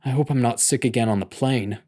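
A man's voice: medium pitch, fairly quick, mellow, pitched above the performer's own voice, lightly acted. A man voicing a queasy hungover teen boy.

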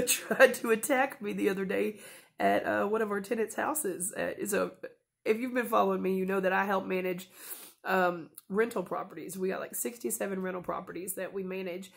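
A woman's voice: medium pitch, moderate pace, creaky. A woman in her thirties talking casually and earnestly to camera in a home vlog, rambling at times and openly emotional. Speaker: vlogger.

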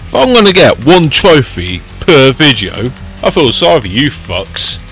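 A man's voice: medium pitch, big pitch swings, unhurried, creaky, fairly bright tone, soft background music. Swearing, frustrated young man gaming. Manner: frustrated, heavy swearing, talks to the car. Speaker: gaming channel host. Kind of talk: live gameplay commentary.

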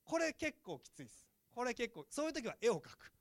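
Lecturer, man, high voice, dry close sound, chatty. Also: rapid-fire, no echo. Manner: chatty, lively, asks the class questions. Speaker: university lecturer. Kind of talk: classroom lecture switching between Japanese and English.

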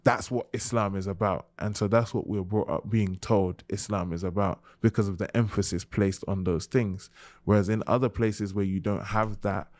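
A young man from the United Kingdom talks through ideas in a long, easygoing podcast answer, piling up examples and asides. His voice sits low and mellow, and the recording is close and dry with no room sound. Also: steady tone, normal speed, no echo. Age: young adult. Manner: expansive, explaining with examples and asides. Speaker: guest, Islamic history speaker. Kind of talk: conversational podcast interview.

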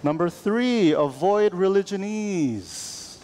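A man preaching a sermon as pastor, animated and conversational, calling on the congregation to answer back. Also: high-pitched, takes it slowly, big-room sound, slight background noise. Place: church sanctuary.

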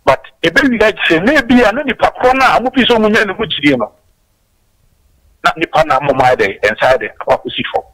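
A man's voice: sits high, very animated, brisk, fairly bright tone, poor audio. A man with a Ghanaian accent calling in by phone to a political talk show, speaking emphatically and mixing in blessings. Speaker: caller. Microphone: phone line.

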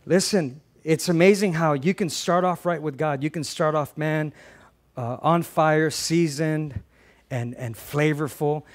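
Guy pastor preaching, chatty and animated, kinda high-ish voice, stumbles over words a lot. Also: measured pace. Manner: animated, conversational preaching with frequent repetitions; swings between loud emphasis and soft low asides. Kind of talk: sermon.

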